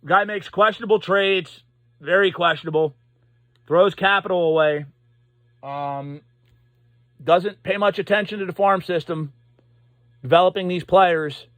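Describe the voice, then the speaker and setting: A Pittsburgh sports commentator with a high, slightly bright voice, recorded with no echo, goes on a casual, exasperated hockey rant. He swears freely and stumbles over his words, halting and restarting.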